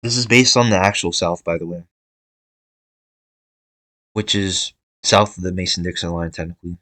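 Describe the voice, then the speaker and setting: Working through a tier list of states, this young man muses out loud, stumbling into restarts and fillers as he gives casual commentary for his video. The recording is low-quality but free of echo, capturing a low-pitched, bright, forceful voice at a moderate pace.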